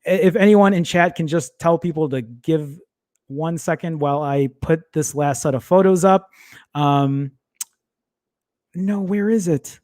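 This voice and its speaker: A man's voice: on the high side, unhurried, darkish tone. Rambling, fumbling male livestream host. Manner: rambling, self-interrupting, apologetic while fumbling with files; mutters and swears under his breath. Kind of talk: casual live-stream chat.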